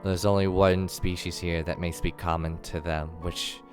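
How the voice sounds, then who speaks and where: A man's voice: low-pitched, level tone, normal speed, over music. A man playing a tabletop game on a voice call, hesitant and apologetic, often stammering and restarting. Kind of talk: casual game chat with in-character asides.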